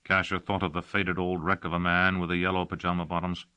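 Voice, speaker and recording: A man narrating an audiobook with expressive storytelling. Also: low-pitched, fast, clean tone, dry recording, dull audio. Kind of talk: scripted narration.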